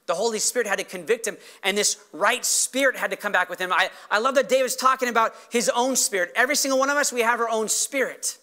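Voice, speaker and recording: A pastor delivering a sermon in a high, bright man's voice. He preaches earnestly but conversationally, often tossing in quick tag questions to the congregation.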